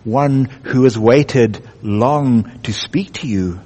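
A man voicing a huge, calm male lion in a slow, deep, hushed way while reading a storybook aloud in an echoey hall. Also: breathy edge. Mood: solemn calm.

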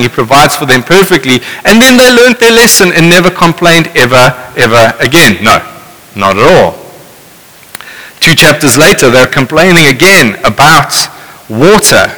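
A man's voice: on the high side, expressive, normal speed, pushed and bright. Male preacher, casual and wry, reverberant hall. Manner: conversational, wry asides. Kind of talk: sermon with scripture reading.

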